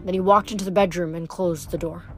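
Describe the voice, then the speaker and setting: A woman reading a novel aloud in a steady, even way. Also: lowish voice, fast, faint music behind. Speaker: audiobook reader.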